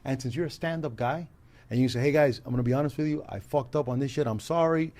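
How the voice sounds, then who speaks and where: A man who is a comedian, a guest in a casual podcast chat, giving emphatic, profane advice that often drops to a low murmur. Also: fast, darkish tone.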